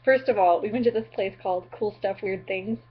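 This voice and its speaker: Young midwest gal rambling on her webcam vlog, kinda husky breathy voice, goofy and sorry about everything, muffled lo-fi sound. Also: mid-range voice, fairly quick. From Upper Midwest of the US. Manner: chatty and goofy, apologetic, lots of "um" and "like". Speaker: vlogger.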